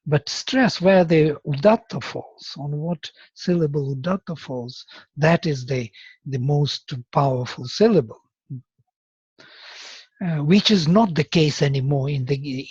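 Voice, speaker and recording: Teacher explaining meter patiently, husky voice, muffled dry sound. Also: medium pitch, darkish tone, dry recording. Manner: patient, explanatory, asks for confirmation. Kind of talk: explaining to a student.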